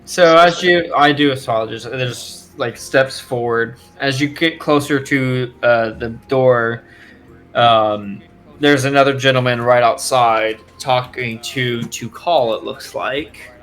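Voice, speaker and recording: A man's voice: mid-range voice, slow pace, fairly bright tone, faint music behind. A man acting as game master, narrating a tabletop game in a rambling, self-correcting way.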